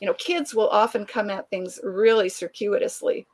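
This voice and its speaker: A woman guest telling a long anecdote in conversation, animated and laughing often, acting out the people she quotes. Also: medium pitch, moderate pace. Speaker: author and guest. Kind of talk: conversational storytelling.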